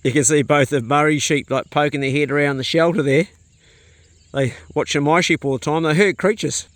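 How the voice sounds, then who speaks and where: A New Zealand man with a slightly higher voice, chatting casually through a farm vlog. He talks to the camera and now and then to his animals, out of doors with crickets and animal sounds behind him. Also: fairly even intonation, brisk, no room sound. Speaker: vlogger. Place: outdoors on a rural farm.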